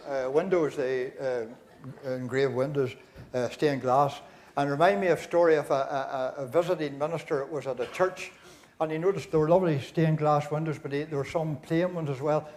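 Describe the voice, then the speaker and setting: An older Northern Irish man hosts a concert in a big church, spinning jokes into a stage mic. His voice sits a little high for a man, and he chuckles and rambles with plenty of halting fillers. A faint hum sits behind him. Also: steady tone, darkish tone. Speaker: master of ceremonies. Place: large church at a live concert.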